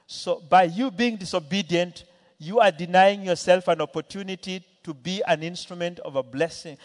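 A man preaching a sermon to a church, telling a Bible story and voicing its characters as he goes. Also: high-pitched. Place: church hall. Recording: long hall reverb.

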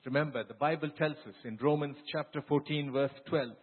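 A man's voice: a little high, fairly even intonation, moderate pace, few pauses, husky, narrow, tinny audio. A man preaching a sermon as pastor, retelling scripture in an earnest, emphatic storytelling way.

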